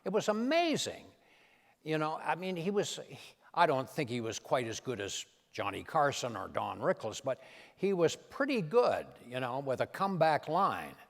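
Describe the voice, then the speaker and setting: An older man, a comedian and impressionist, telling anecdotes on stage with an animated, punchline-driven delivery. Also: fairly high pitch, normal speed, gravelly, big-room sound. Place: event stage in a large hall.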